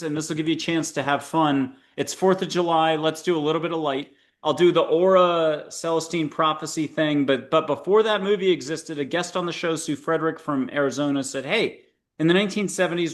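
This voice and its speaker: A man in his fifties hosting a spiritual interview podcast, talking casually and rambling with many fillers and restarts. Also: fairly high pitch. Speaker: podcast host.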